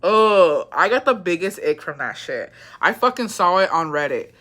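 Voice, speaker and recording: A young woman chatting on a livestream in a bright, sharp voice that sits a little low. She is sassy and animated and swears freely as she reacts to her chat. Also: normal speed. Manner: animated, profane, sassy, reads chat aloud. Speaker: livestream host.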